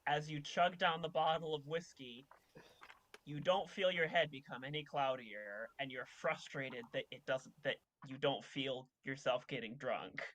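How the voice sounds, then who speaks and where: A man as game master, narrating a tabletop game in a deadpan way. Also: mid-range voice, measured pace, no room sound, rough recording.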